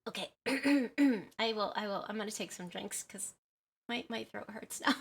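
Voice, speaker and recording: A woman's voice: mid-range voice, unhurried, gravelly, husky. A woman streamer chatting casually with viewers, rambling with lots of fillers, giggles and apologies. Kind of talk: casual livestream chat with viewers.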